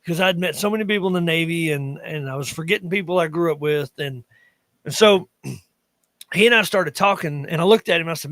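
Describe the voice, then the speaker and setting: Co-hosting a podcast, an Appalachian man in his thirties from western North Carolina rambles through stories in casual conversation, frequently interrupting himself mid-sentence. He has a fairly high-pitched, somewhat bright voice and talks fairly quickly. The audio is dry.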